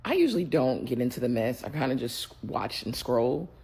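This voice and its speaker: A woman's voice: very deep voice, sing-song, normal speed, vocal fry, a little mellow, husky. A woman, ranting on social media in a heated, indignant way. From United States.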